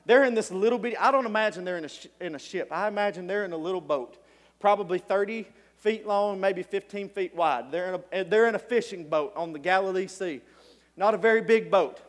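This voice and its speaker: In a voice pitched very high for a man, this preacher delivers a lively storytelling sermon, breaking into sudden shouts and chuckling often. His pace is a little fast, and the sound echoes with a big hall's long reverb.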